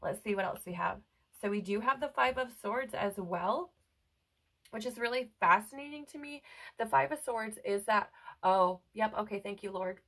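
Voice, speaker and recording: A woman reads tarot cards for an unseen audience in an earnest, reassuring tone. Her pitch sits in the middle of the range for a woman. She keeps checking in with her listeners as she goes. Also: moderate pace, a bit bright, rough recording. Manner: earnest, reassuring, says "right?" often. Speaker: tarot reader. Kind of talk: spiritual tarot reading. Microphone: headphones on, close mic.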